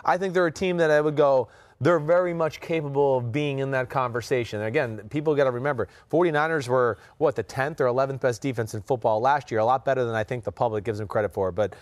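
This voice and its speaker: A man hosting a casual sports podcast, thinking aloud with drawn-out "ooh" sounds and plenty of fillers. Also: medium pitch, no room sound. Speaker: podcast host and football analyst.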